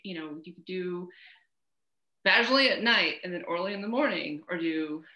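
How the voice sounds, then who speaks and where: A woman hosts a podcast in a bright, sharp, somewhat low-pitched voice. She talks conversationally, full of "you know" and "right?", in an echoey room. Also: normal speed, muffled recording. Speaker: podcast host.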